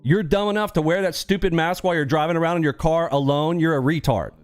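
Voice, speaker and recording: A man's voice: a little high, quick pace, no echo, faint music behind. A man hosting a live trading stream, talking bluntly in a casual, preachy rant and laughing often.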